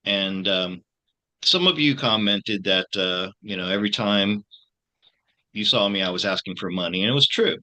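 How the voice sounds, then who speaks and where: A man in his sixties from the United States, a tarot channel host, talking casually to his viewers in a halting way with many restarts. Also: lowish voice, pushed and bright. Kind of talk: casual personal talk to viewers.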